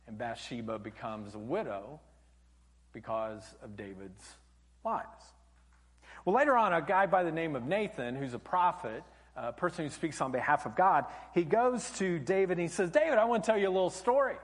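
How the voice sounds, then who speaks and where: A male pastor preaching a sermon, telling stories animatedly and dropping to a hush for emphasis, in a church auditorium. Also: a little high, animated, normal speed. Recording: long church hall reverb.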